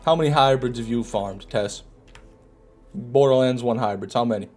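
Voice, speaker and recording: A man's voice: medium pitch, moderate pace, darkish tone, soft background music. A young man from Michigan with a Michigan accent, casually commentating a game stream and bantering with his chat in a joking, mock-indignant way. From Michigan, USA.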